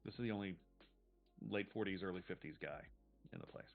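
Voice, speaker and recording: A man's voice: deep voice, fairly quick, creaky. A man running a tabletop role-playing game as game master, narrating loosely with many fillers. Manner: loose, filler-heavy describing. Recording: tinny phone-like sound, faint music.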